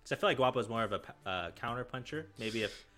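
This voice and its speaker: Forceful, hyped man talking sports. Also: mid-range voice, lively intonation, rapid-fire, soft background music. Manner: hyped, emphatic, slangy. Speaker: podcast guest. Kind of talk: casual sports chat.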